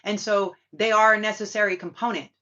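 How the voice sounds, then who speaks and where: A woman with a sharp, bright voice delivers a spiritual talk in a loose, rambling way. She swears freely and leans on fillers as she circles her point. The recording is dull and lo-fi. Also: mid-range voice, fairly even intonation, brisk. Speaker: spiritual reader and channel host. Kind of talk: casual spiritual monologue. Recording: dull lo-fi sound.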